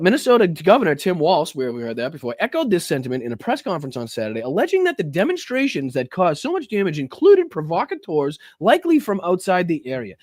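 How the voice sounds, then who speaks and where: A man's voice: on the high side, no echo, studio quality. A man reading out clips and ranting about them with heavy profanity. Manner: reads clips aloud, then comments. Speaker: political commentator. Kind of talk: profane reaction commentary.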